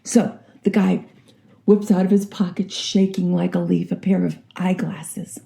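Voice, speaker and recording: Gravelly older woman telling jokes. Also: lowish voice, measured pace. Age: 60s. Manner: chatty, rambling, animated storyteller. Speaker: vlogger. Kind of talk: casual joke telling.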